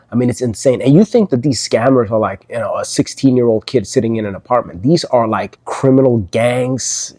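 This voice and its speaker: A man talks through a topic in a plain, conversational commentary voice. His tone is mellow and a little husky, and the sound is dry and close. His delivery stays earnest and explanatory. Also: mid-range voice, dry recording. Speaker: host reacting to clips. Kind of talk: casual commentary.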